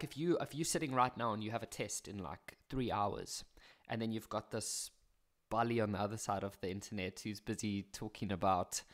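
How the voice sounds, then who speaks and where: A young South African man talking through maths exam questions in a chatty way, with jokey, self-mocking asides. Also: on the low side. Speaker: maths teacher. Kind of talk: casual maths exam walkthrough.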